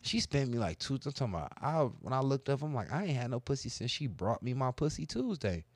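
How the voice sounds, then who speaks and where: A man on a casual talk show, telling crude, boastful stories in a profane, animated way. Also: medium pitch, quick pace, no room sound. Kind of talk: casual storytelling chat.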